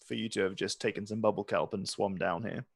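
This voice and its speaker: A game master narrating a tabletop game in a relaxed way, often laughing. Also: low voice, fast, creaky, slightly rough.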